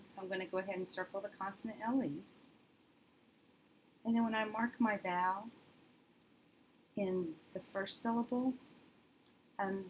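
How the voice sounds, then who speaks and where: A woman teacher demonstrating step by step in a steady, methodical way, thinking aloud as she works. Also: mid-range voice, rough recording. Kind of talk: instructional demonstration. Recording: faint background noise.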